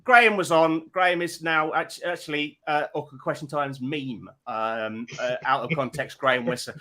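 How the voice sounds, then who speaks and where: A man's voice: fairly high pitch, normal speed, sharp tone. A man hosting a comedy panel show over a video stream, chatting casually and stumbling over his words.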